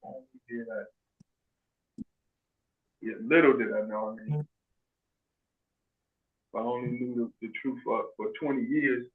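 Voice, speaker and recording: A man telling stories in casual chat on a video call, animated, acting out quoted voices and often restarting his sentences. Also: medium pitch. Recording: tinny phone-like video call audio.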